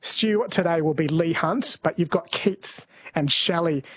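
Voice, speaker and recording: A man's voice: a little high, unhurried, slightly rough, no room sound. A man co-hosting a comedy podcast, explaining at length in a lecturing tone. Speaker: co-host. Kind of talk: casual comedy podcast chat.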